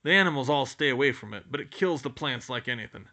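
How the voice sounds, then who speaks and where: A man voicing a huge, gruff but gentle older male gamekeeper who talks loudly in a blunt, folksy dialect. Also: mid-range voice, lively intonation, quick pace. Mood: gruff worried. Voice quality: loud, gruff rural-sounding dialect.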